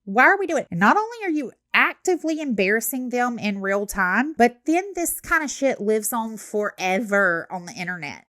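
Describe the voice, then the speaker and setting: A woman's voice: a little high, animated, normal speed, hardly any pauses, pushed and bright, no room sound. A young woman giving blunt, sarcastic reaction commentary, swearing freely. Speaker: commentary host.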